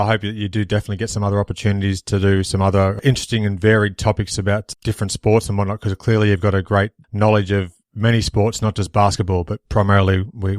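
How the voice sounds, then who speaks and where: Male host, earnest wordy questioner, low monotone delivery. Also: no room sound, studio quality. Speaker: podcast host. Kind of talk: interview questions.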